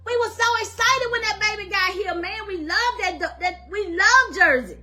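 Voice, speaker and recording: High, bright-voiced angry woman. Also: expressive, moderate pace, soft background music. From Louisiana, USA. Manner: angry, emphatic, repetitive. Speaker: grieving grandmother. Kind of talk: impassioned public plea.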